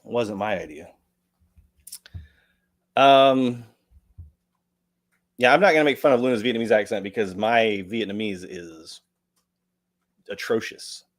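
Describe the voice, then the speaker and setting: A man's voice: lowish voice, a little slow, long pauses. An American man hosting a livestream, chatting casually and jokingly as he reads out donations. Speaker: livestream host. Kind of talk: casual chat, reading donations.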